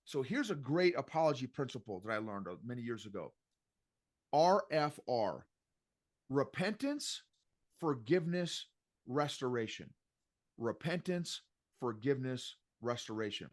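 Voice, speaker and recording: A middle-aged man coaching on emotional intelligence as a podcast guest, talking in an animated, emphatic way and repeating his points. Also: mid-range voice, unhurried. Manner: animated and emphatic, repeats phrases, says "bro". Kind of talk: casual podcast interview.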